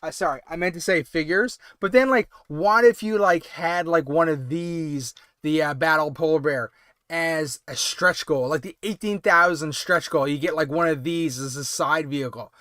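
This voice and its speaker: A man's voice: on the high side, moderate pace, sharp tone, no room sound, clean studio sound. A man hosting a late-night toy-collecting livestream, chatting casually and rambling with lots of hedges and fillers. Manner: rambling, hedging with many ums and I means. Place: home, late-night stream.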